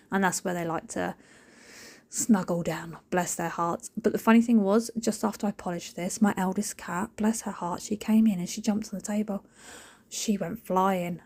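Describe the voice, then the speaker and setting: A woman, rambling in a jokey, animated way as she talks over her cleaning video. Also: medium pitch, gravelly. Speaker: cleaning vlogger. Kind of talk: chatty voiceover.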